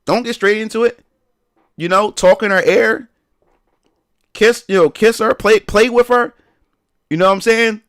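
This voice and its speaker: A man's voice: high voice, unhurried, long pauses, a bit bright. A young man chatting casually on a livestream in a rambling, slangy way, full of restarts and fillers. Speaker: live streamer.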